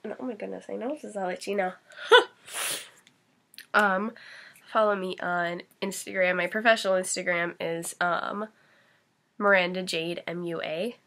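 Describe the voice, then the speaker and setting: With a lowish, steady, sharp-toned voice at normal speed broken by long pauses, a young woman chats through a makeup tutorial. She's a makeup vlogger, face-painted, sniffly and sneezing, and she rambles and giggles with lots of "likes" and "ums."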